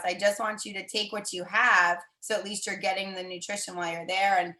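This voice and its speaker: Woman on a zoom call telling a story, bright voice, chatty, kinda echoey room. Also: mid-range voice, fairly quick. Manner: chatty, animated, acts out quoted voices. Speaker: team member sharing a story. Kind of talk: casual storytelling on a video call. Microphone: video call.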